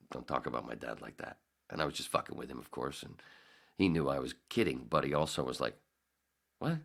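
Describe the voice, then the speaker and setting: A man's voice: very deep voice, creaky. A middle-aged man hosting a podcast, telling a rambling anecdote in casual storytelling style, correcting himself as he goes. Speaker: podcast host.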